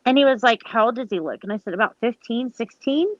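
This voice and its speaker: Lively woman with dull lo-fi sound. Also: fairly high pitch, fast talker, no room sound. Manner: animated, acts out quoted dialogue, swears casually. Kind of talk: casual storytelling chat.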